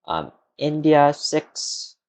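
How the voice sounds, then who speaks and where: A man's voice: fairly high pitch, sing-song, extremely slow, a little mellow. A tired young man streaming live from his computer, rambling to himself and answering chat questions in a casual, muttering way. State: tired, yawning.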